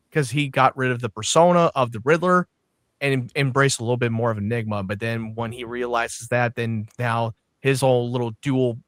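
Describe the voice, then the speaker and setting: A man's voice: mid-range voice, a bit bright, no echo, studio quality. A man co-hosting a podcast in casual chat, blunt and swearing as he critiques. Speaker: podcast co-host.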